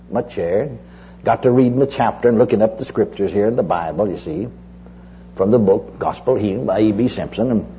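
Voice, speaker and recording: A man's voice: on the low side, warm tone, muffled recording, slight background noise. A male preacher giving a sermon as a personal testimony. He tells it in a folksy storytelling way, with constant "you know"s and restarts.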